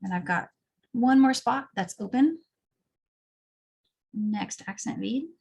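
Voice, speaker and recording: Husky woman teaching a craft step by step. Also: on the high side, slow. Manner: relaxed, chatty, explains as she works. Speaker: craft instructor.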